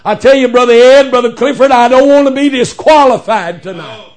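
A preacher man delivering a sermon in a folksy cadence that swells into shouted emphasis. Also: very high voice, a little fast.

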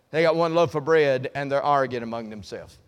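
A man preaching a sermon with folksy humor, swinging from quiet asides to loud, shouted emphasis. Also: mid-range voice, clean tone, big-room sound.

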